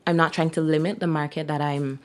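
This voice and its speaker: A woman's voice: low-pitched, little pitch movement, brisk. A woman in her thirties with a Jamaican accent, chatting as a guest in an interview and laughing often. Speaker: guest, clothing designer. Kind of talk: casual interview.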